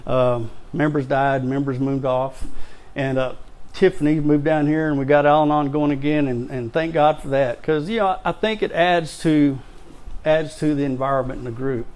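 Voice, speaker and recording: A man's voice: a little high, steady tone, a little mellow. Emotional man sharing his story. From Louisiana, raised in Texas. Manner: halting, repeats words, emotional, self-deprecating humor. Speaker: recovery speaker. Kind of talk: personal share at a recovery meeting.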